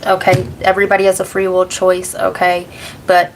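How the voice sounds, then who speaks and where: A woman's voice: on the low side, completely flat delivery, normal speed, a little hiss or hum, rough recording. An American woman hosting a casual card-reading livestream, rambling, laughing often and swearing now and then as she answers chat. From United States. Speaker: tarot reader and livestream host.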